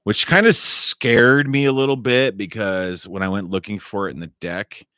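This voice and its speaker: A man's voice: lowish voice, moderate pace, pushed and bright, dry recording, studio quality. A man rambling through a solo monologue, wandering and repeating himself and swearing casually. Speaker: vlogger.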